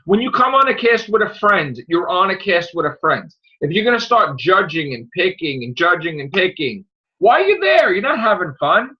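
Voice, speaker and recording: A man's voice: high voice, lively intonation, normal speed, few pauses. A man hosting a podcast, ranting in a profane, combative and repetitive way while getting over an illness. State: recovering from illness. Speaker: podcast host. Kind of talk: casual podcast rant. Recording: muffled lo-fi podcast audio.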